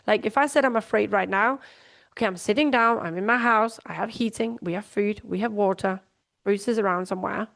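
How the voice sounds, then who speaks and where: A woman's voice: fairly high pitch, fairly quick, vocal fry. A woman hosting a life coaching podcast from home, talking casually and acting out little voices as she explains. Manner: chatty, acts out little voices, swears casually. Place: at home, sitting down.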